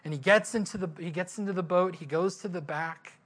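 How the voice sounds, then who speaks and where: A man's voice: high-pitched, fairly quick. A male pastor giving a sermon in a conversational, storytelling way, asking the listeners questions.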